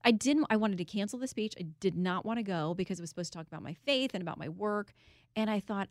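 A woman's voice: mid-range voice, fast, dry recording. A woman talks openly and earnestly as an interview guest, her voice sitting in a middle register. The sound is dry and close, with no room around it. Now and then she laughs through the telling. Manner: earnest, candid storytelling with laughs. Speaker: guest, author and TV host.

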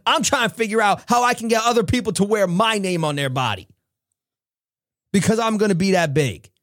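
High-voiced, earnest motivational speaker man. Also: fairly quick, no room sound, studio quality. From New York. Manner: earnest, preachy, laughing often, animated. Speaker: podcast host, motivational speaker. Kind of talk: motivational talk.

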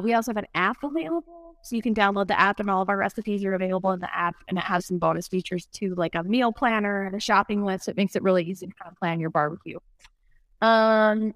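A woman's voice: medium pitch, a bit bright, no echo. Woman, conversational, laughs easily, mid-range voice, dry recording. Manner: chatty, laughs often. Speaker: barbecue food blogger and brand founder. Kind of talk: casual interview conversation.

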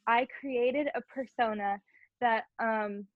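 Young woman guest, kinda high voice, chatty and expressive, dry muffled sound. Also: slow, no room sound. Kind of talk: conversational interview. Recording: dull, dry lo-fi audio.

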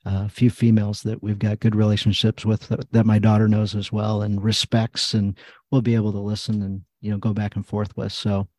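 A man's voice: fairly low pitch, completely flat delivery, fairly quick, darkish tone, no room sound. A man in casual podcast conversation, telling stories and acting out his own prayers and dialogue.

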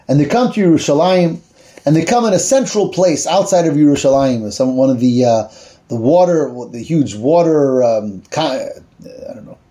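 A man with a high, soft-toned voice teaches a class by retelling a Bible story. He talks it through casually, searching aloud for the right word now and then, warm and unhurried in tone.

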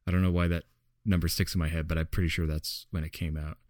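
A man co-hosting a podcast in casual chat. His voice sits on the low side and is recorded dry and close. He talks loosely with fillers and laughs often. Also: little pitch movement, fast talker, a little mellow, no echo. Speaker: podcast co-host.

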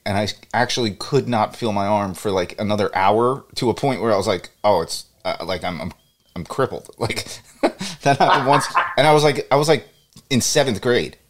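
A man's voice: on the low side, moderate pace. A man co-hosting a casual baseball podcast who laughs easily and trades loose, jokey stories. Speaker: podcast co-host. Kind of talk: casual sports chat.

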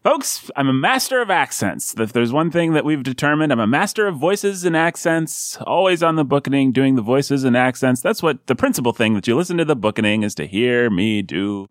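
Animated, joking man hosting. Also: fairly quick, few pauses, no room sound, clean studio sound. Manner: jokey, animated, big pitch swings, laughs often. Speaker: podcast host. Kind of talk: casual chat.

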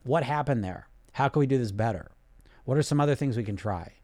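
A man voicing a supportive inner adult voice that calmly encourages and looks for solutions. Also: medium pitch, brisk, no room sound, natural voice. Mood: encouraging.

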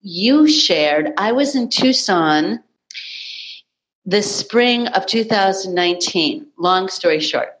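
A woman's voice: mid-range voice, expressive, slow, rough recording. A woman hosting a spiritual podcast conversation, speaking in an earnest, emotional way. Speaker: podcast host.

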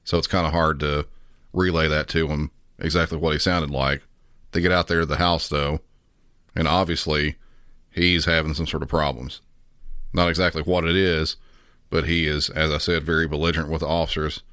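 A man with a very deep voice narrates a true-crime case in calm, measured tones. His delivery stays level and even, with little rise or fall. The sound is dry and close, with no room echo. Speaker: podcast host.

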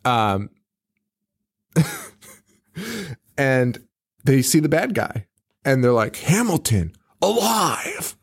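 A male podcast co-host recapping a film in casual chat, laughing often, swearing and acting out characters in quick voices. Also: mid-range voice.

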